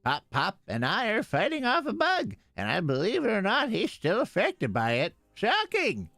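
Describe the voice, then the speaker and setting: A man voicing a sweet old grandmother who guilt-trips gently and apologizes in a falsely syrupy way. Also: high-pitched, wildly swooping pitch, moderate pace, no echo, faint music behind, voice pushed up, exaggerated voice. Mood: sugary.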